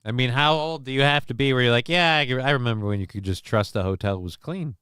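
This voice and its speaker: A man's voice: medium pitch, fast talker, clean tone, no room sound. Rambly stream host guy, lots of ums and restarts, super clean voice, dry room. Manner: rambling, crude jokes, many fillers and restarts; gets loud and excited over news figures. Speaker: livestream show host. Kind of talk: casual livestream commentary reading chat.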